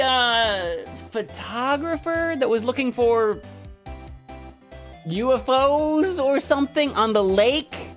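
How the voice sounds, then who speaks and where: A woman's voice: mid-range voice, lively intonation, takes it slowly, faint music behind. A woman giving casual, self-mocking commentary while playing a game, chatty and laughing often. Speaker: let's play streamer.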